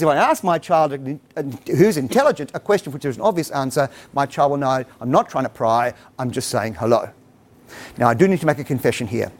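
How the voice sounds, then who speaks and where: A middle-aged man giving a humorous talk to parents, acting out bits of dialogue. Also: medium pitch. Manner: animated storytelling, acts out dialogue. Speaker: speaker on parenting.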